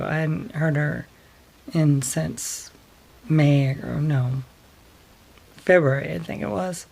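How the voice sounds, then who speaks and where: Slow, soft-spoken woman vlogger. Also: sits low, creaky. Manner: soft, hesitant, many pauses and fillers. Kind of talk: personal storytime vlog.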